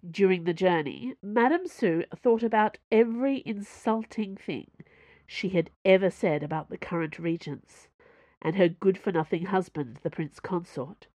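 A woman reading a story aloud in a measured, expressive storytelling manner. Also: lowish voice, no echo. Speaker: audiobook narrator. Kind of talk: scripted narration.

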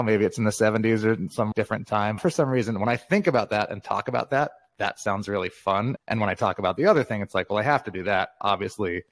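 A man's voice: fairly low pitch, no room sound. A man in his fifties, a guest author in a casual interview, talking candidly and reflectively and laughing often.

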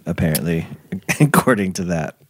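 A man's voice: deep voice, expressive, moderate pace, dry recording. A man co-hosting a podcast, chatting casually with wry, playful jokes. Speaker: podcast co-host. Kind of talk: casual chat.

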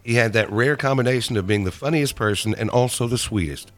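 A man's voice: medium pitch, brisk, a bit bright, faint music behind. A man on a radio show reading a statement aloud.

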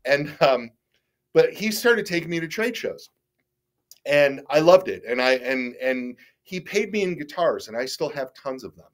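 A man's voice: a little high, animated, measured pace. A middle-aged man, a guest in a casual interview, telling stories candidly with many restarts and stammers, and the occasional swear. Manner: rambling, frequent restarts and stammers.

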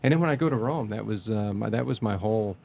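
A man reminiscing in a casual interview, speaking haltingly with many restarts and fillers and a reverent tone. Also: on the low side, vocal fry, a little mellow, slight background noise.

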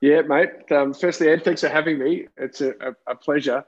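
A man, a guest on a podcast, talking in a friendly, halting way with lots of fillers and restarts. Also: on the high side, steady tone, muffled recording. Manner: hesitant, many ums and restarts, friendly. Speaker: podcast guest, wine entrepreneur. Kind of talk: casual interview conversation.

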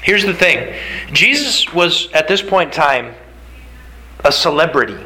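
A man's voice: on the high side, sing-song, a little slow, pauses often, sharp tone, slight background noise, low-quality recording. A man preaching a sermon, telling the story emphatically with repeated phrases. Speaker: pastor.

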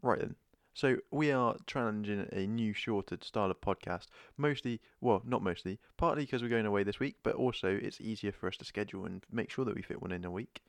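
A man co-hosting a casual podcast, bantering and teasing in relaxed chat. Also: on the low side, fairly quick, creaky, few pauses, dry recording, clean studio sound. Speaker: podcast co-host. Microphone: headphones and podcast mic.

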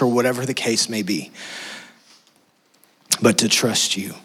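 A man preaching a sermon, earnest, dropping to a soft hush when he voices prayers and quotes. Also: on the low side, steady tone, a little fast, breathy edge. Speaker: pastor.

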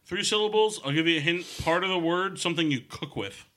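A man's voice: fairly high pitch, quick pace, bright, forceful tone. A man hosting a podcast in casual chat, crude and joking, steering the talk between his co-hosts. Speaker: podcast host. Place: studio.

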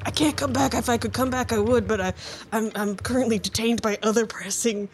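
A woman's voice: fairly high pitch, steady tone, brisk, slight background noise, pitched above the performer's own voice, lightly acted. A woman voicing a scatterbrained male djinn father, flustered and rambling, over background music. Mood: apologetic.

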